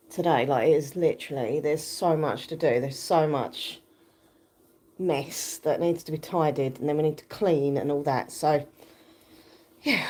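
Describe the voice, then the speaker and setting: A woman chatting casually on a home livestream while pedaling an exercise bike, her voice croaky from just waking up, into a phone held close. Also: low-pitched, dark tone. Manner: chatty, rambling, laughs often while pedaling.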